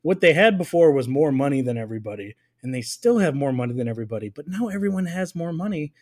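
A man's voice: on the high side, sing-song, quick pace, a little mellow. Joking man co-hosting a soccer podcast. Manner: jokey, rambling, laughs often. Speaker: podcast co-host. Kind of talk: casual chat.

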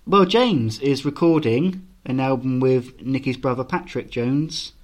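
A man co-hosts a relaxed podcast and reads out news with teasing, cheeky asides. His voice sits at an ordinary middle pitch. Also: measured pace. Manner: teasing, fond of crude jokes. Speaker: podcast co-host presenting news. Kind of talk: casual chat.

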